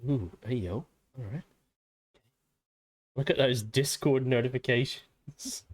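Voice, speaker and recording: A man's voice: medium pitch, takes it slowly. An Australian man streaming casually, laid-back and giggly, swearing often. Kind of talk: casual livestream chat.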